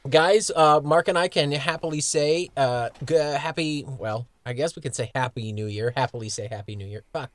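A man's voice: medium pitch, normal speed, hardly any pauses, fairly bright tone, no echo. A man co-hosting a casual podcast, joking and sometimes tripping over his words. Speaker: podcast co-host.

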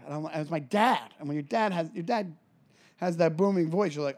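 A man's voice: a little high, a little fast. A man in his forties co-hosting a casual podcast, telling stories animatedly and laughing often. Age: 40s. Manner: animated storyteller, laughs often, acts out voices. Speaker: podcast co-host. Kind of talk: casual chat.

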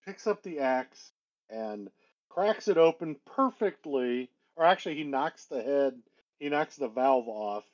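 A man's voice: mid-range voice, lively intonation, unhurried, darkish tone, dull audio. A man co-hosting a casual movie review podcast, retelling the plot in a wry, matter-of-fact way. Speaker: podcast co-host.

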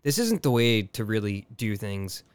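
A man's voice: lowish voice, sing-song, normal speed, smooth, no echo. A man co-hosting a casual podcast, exasperated and rambling, restarting sentences and swearing often. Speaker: podcast co-host.

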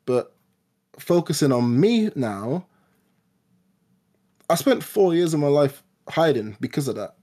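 Halting young man in casual chat. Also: a little high, very animated, dark tone. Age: 20s. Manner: halting, with frequent stammered restarts. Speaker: podcast co-host.

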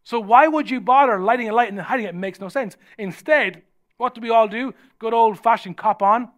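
A man's voice: extremely high pitch, a little fast, a bit bright. An Irish man, a pastor, preaching a sermon in a humorous, conversational storytelling way. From Ireland.

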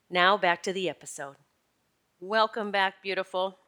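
A woman's voice: medium pitch, moderate pace, bright, forceful tone. A woman hosting a podcast, telling a personal story in a heartfelt, emotional way and sniffling as she holds back tears. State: tearful, sniffling. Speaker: podcast host and spiritual teacher.

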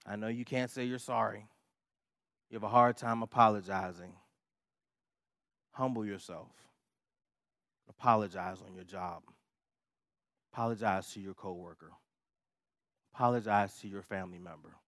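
A man's voice: lowish voice, steady tone, normal speed, long pauses, a bit bright, no echo, studio quality. A male pastor preaching a sermon, emphatic and repetitive, with casual asides to the congregation.

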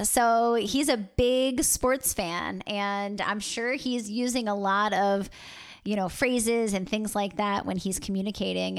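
A woman with a mid-range voice co-hosting a casual podcast. She chats in a friendly, easygoing way and laughs easily. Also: mid-range voice. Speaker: podcast co-host.

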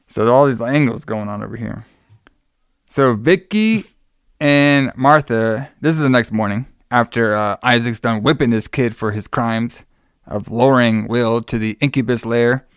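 A man's voice: medium pitch, measured pace, clean tone, no room sound, studio quality. Casual, swearing man recapping a film. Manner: rambling, profane, many fillers.

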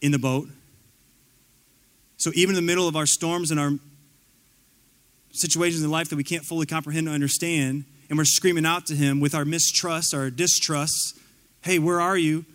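High-voiced man preaching with big swings. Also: level tone, a little fast. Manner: dynamic preaching, rising to near-shouting and dropping to soft tones; casual, conversational phrasing with playful asides. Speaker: pastor. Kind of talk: sermon.

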